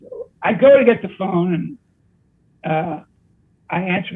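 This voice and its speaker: An older man, a comedy writer and guest, telling a lively anecdote and laughing at his own punchlines. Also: high voice, unhurried, pauses often, breathy edge. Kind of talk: casual storytelling. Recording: tinny phone-like line.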